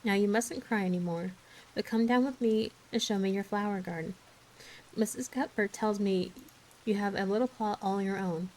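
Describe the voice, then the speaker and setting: A woman voicing a kind, gentle minister's wife who speaks slowly and soothingly in a book reading. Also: medium pitch, natural voice, rough recording. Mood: comforting.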